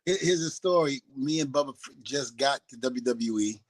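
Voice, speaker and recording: Animated guest telling a story. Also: male voice, medium pitch, normal speed. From New York. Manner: animated storyteller who acts out the voices of the people in his story. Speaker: guest, former wrestler. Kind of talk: storytelling in an interview.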